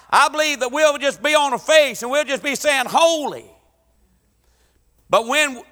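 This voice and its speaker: High-voiced, fiery preacher in a hall. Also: male voice. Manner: impassioned, rising to shouts, Southern preaching cadence. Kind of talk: fiery church sermon. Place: church sanctuary. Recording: long church hall reverb.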